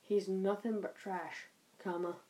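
Woman slowly dictating a sweary message, says "comma" and "period" out loud, soft dark voice. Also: medium pitch, little pitch movement, rough recording. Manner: profane, speaks punctuation aloud. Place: bedroom at night.

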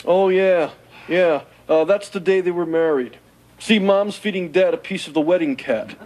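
A man voicing a wisecracking, self-pitying male alien in a 1980s sitcom, gravelly and nasal, sarcastic and melodramatic. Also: high-pitched, normal speed, close to an everyday voice. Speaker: sitcom character. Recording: noisy TV audio with studio laughter.

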